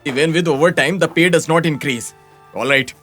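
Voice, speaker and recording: A man's voice: on the high side, brisk, fairly bright tone, soft background music, lightly acted. A man voicing a fed-up office worker in a dubbed film, grumbling and easily confused. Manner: grumbling, bewildered. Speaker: office employee turned hired agent.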